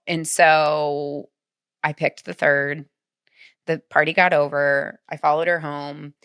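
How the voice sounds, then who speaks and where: Telling a personal story on a podcast as a guest, a woman speaks slowly in a deep, clean, slightly bright voice with a flat delivery. She's earnest and leans heavily on "like" as filler throughout the conversation.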